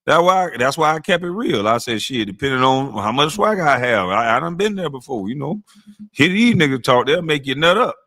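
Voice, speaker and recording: A man hosting a casual livestream, roasting chat and trash-talking, his voice jumping high when he heckles and dropping low when he calms down. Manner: slow and low when calming down. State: smoking while talking. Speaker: livestream host.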